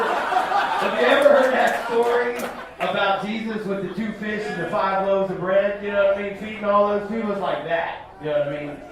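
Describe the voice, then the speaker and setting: A young man in his twenties doing a stand-up comedy set, telling a story in a loose, profane way with asides to the crowd. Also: high-pitched. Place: comedy club stage. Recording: echoey club room from far off with crowd. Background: audience laughter.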